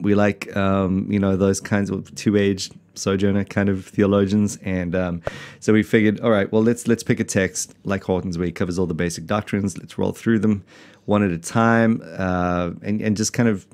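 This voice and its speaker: A man's voice: fairly low pitch, level tone, normal speed, hardly any pauses, darkish tone. A man from South Africa hosting a casual podcast, rambling and self-mocking with lots of fillers and restarts. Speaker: podcast host, pastor.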